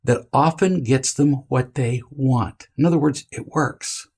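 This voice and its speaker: Gravelly husky guy lecturing parents, slow emphatic delivery, acts out whiny kids sometimes. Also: medium pitch, darkish tone. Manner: deliberate, emphatic, puts on whiny child voices in quotes. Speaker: parenting teacher.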